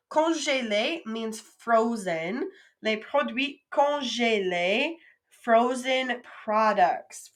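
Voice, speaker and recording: A woman teaching French vocabulary, modeling each word slowly and clearly, repeating it for students to say after her. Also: on the high side, a bit bright.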